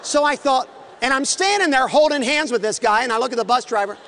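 A male preacher with an unusually high voice tells a story from the pulpit. He swings from hushed asides to loud, shouted passages and breaks into hymn lines. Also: quick pace, background noise. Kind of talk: storytelling sermon.

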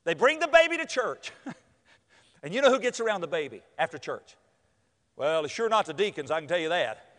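His voice is high-pitched and fairly quick, yet he leaves long pauses. The man preaches animatedly through a story, acting out quotes and laughing. Sound echoes with a long hall reverb.

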